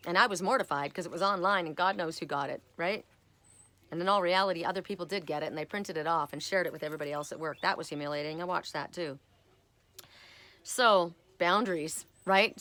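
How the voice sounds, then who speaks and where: Middle-aged lady with a low voice, rambling personal stories in a spiritual chat. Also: fairly bright tone. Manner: chatty, storytelling, repeats words when worked up. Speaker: oracle card reader. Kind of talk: casual spiritual talk.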